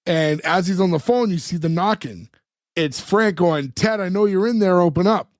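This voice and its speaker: A man's voice: sits high, moderate pace, dry recording, studio quality. A man co-hosting a casual podcast, recapping a sitcom episode and acting out the characters' lines as he goes. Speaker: podcast co-host.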